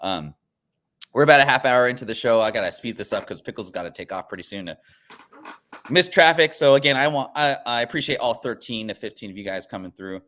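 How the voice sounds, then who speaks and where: A man hosts a laid-back livestream about comic books, rambling through his thoughts with fillers and half-finished words. His voice sits in an ordinary middle pitch. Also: expressive, brisk, fairly bright tone. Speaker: comic book channel host. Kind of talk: casual chat.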